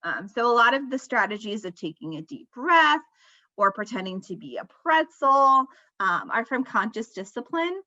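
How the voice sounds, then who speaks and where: A woman in her thirties with a bright, forceful voice gives a relaxed webinar talk on parenting. She explains things conversationally and uses relatable examples. The sound is dry and a little dull, like a lo-fi recording. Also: a little high, moderate pace, dry recording. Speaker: parenting workshop presenter. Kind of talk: live webinar presentation.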